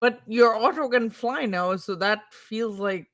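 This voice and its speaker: A player in a tabletop game, thinking things through aloud in a measured way. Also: medium pitch, fairly bright tone. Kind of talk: casual tabletop role-play.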